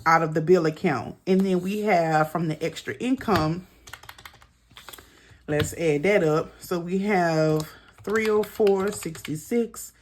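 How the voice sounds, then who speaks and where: A woman's voice: lowish voice, slow pace, slight background noise. A middle-aged woman running through her monthly bills in a casual budgeting vlog, chatting to viewers as she adds up figures. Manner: chatty, talks to viewers as girl and y'all while adding up figures. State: out of breath. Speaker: budgeting vlogger.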